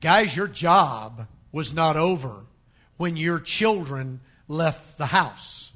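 A male pastor preaching a sermon to a congregation, driving points home with emphatic repetition and forceful rising peaks. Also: a little high, lively intonation, slow pace. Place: church sanctuary.

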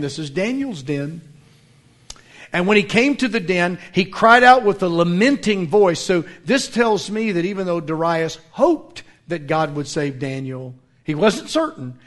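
A middle-aged man preaches with dramatic swings in volume. His fairly high voice climbs for emphasis, then sinks to quiet, slow asides before rising again. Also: big pitch swings. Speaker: pastor. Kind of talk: sermon.

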